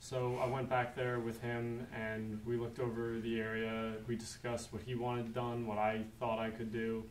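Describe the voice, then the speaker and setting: Young man, matter-of-fact, narrow pitch range, distant mic, echoey room. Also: completely flat delivery, normal speed, a little hiss or hum. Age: young adult. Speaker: Eagle Scout honoree. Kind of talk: prepared public remarks. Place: large public meeting room.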